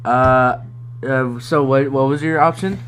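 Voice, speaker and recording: A man's voice: medium pitch, steady tone, measured pace, a bit bright, a little hiss or hum. Rambling young man on a podcast. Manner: rambling, hesitant, laughs often. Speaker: podcast co-host. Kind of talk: casual chat.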